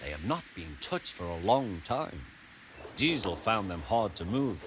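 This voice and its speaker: A man narrating a children's train story in a gentle, expressive scripted reading. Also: deep voice, a little slow, noisy background. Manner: gentle and expressive, doing all the voices. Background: music score.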